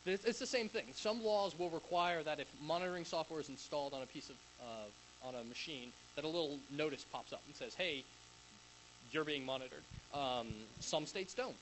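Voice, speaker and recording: A man's voice: on the high side, fairly quick, hardly any pauses, noisy background. Young man rambling through a tech talk. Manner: rambling and informal, with many fillers and restarts. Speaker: conference speaker. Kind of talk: casual tech conference talk. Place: conference room with live audience.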